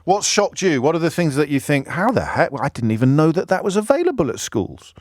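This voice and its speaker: Rambling radio host, dry studio sound. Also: male voice, fairly high pitch, fast, no echo. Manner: rambling, self-interrupting, animated storytelling. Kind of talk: talk radio monologue and call. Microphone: studio microphone.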